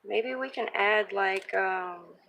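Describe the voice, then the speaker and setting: A woman's voice: medium pitch, takes it slowly, creaky, background noise. A woman crafting vlogger chatting casually as she works and thinks aloud, reading viewer comments. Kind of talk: casual live-stream crafting chat.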